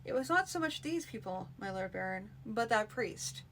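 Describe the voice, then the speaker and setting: Brief: guarded male healer in a storybook reading, quiet and polite; woman reader. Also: medium pitch, lively intonation, moderate pace, a little hiss or hum.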